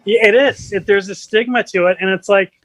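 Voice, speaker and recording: A man guesting on a podcast, talking in halting, self-deprecating casual chat, often repeating words. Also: sits high, fairly even intonation, fairly bright tone, no echo, low-quality recording.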